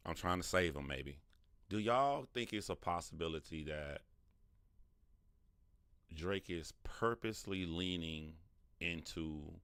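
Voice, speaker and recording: A man's voice: sits low, lively intonation, measured pace, pauses often, fairly bright tone, clear, resonant tone, no room sound. A man hosting a casual livestream and commenting animatedly, talking back to his chat and laughing often. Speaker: livestream host.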